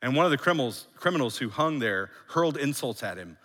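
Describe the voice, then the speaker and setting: A man preaching a sermon as a pastor, emphatic, repeating phrases and dropping to a hush for effect. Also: mid-range voice, expressive, fast, few pauses, in a large hall. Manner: emphatic, with repeated phrases and dramatic hushed drops.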